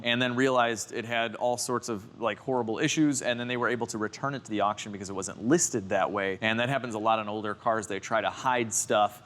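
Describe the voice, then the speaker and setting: A man's voice: medium pitch, fairly bright tone. Man from Chicago, young adult, easygoing vlog host, casual narration over faint background noise. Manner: chatty, jokey, talks to viewers while working. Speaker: car YouTuber.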